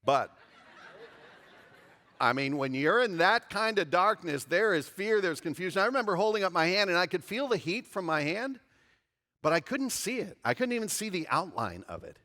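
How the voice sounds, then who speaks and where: A man's voice: high-pitched, very animated, moderate pace, pushed and bright, in a large hall. A pastor in his fifties preaching a sermon in a church, emphatic and repeating phrases for stress. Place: church sanctuary.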